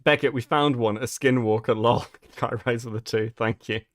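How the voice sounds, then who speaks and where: A man with a British accent hosting a live-stream commentary, swearing and mocking with loud outbursts. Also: medium pitch, fairly even intonation, moderate pace, no echo. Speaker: streamer host.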